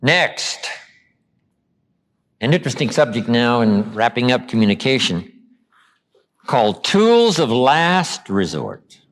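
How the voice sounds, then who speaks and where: Male motivational lecturer, mid-pitched, very lively, punches key phrases slowly. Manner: animated storytelling, acts out quoted lines; slows down and drops low for emphasis. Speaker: motivational speaker. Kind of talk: seminar lecture.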